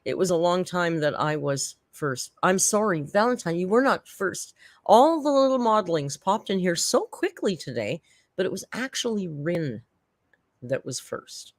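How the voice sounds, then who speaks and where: Fairly low in pitch and animated, a Canadian woman talks at a moderate pace while hosting a home livestream on a desk mic. She rambles chattily, thanking chat members, with no room sound on the recording.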